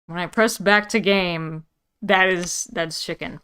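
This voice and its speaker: Woman, game streamer, casual chat, giggly, nervous, fairly low pitch. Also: fairly even intonation, takes it slowly, a bit bright, smooth. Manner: giggly and jittery, laughs between lines.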